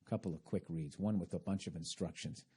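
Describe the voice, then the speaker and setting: A man's voice: low-pitched, quick pace, dark tone, breathy edge. A man hosting a podcast, talking in a rambling, profane, sarcastic comedic monologue. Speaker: podcast host.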